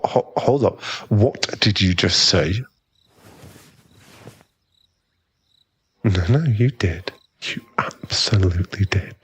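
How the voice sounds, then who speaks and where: A man's voice: fairly low pitch, breathy edge, exaggerated voice. A young man playing a cocky, smug rival in an ASMR boyfriend role-play, taunting and chuckling as he talks. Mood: gleeful taunting. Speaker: ASMR roleplay performer.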